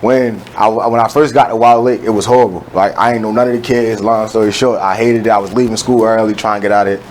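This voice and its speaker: A man's voice: fairly low pitch, fairly even intonation, fast talker, a little hiss or hum, low-quality recording. A young man from West Baltimore, co-hosting a radio show and telling a story in a casual, emphatic way with plenty of swearing. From West Baltimore, USA. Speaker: co-host.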